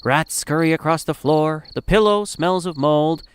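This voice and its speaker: A man's voice: fairly high pitch, normal speed, slight background noise. A man narrating a dramatic story in the second person, in a grave, somber manner.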